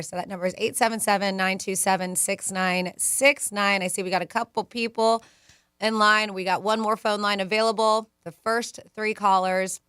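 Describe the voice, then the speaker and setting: A woman's voice: lowish voice, fairly bright tone, clear, resonant tone, dry recording. Upbeat woman radio co-host, dry studio sound. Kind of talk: morning radio chat and contest promo. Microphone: studio mic.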